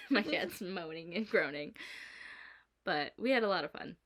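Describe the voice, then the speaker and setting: A young woman vlogging at home, chatting and telling a story with animated quoting and laughter. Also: lowish voice, moderate pace. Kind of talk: casual chat. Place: indoors at home.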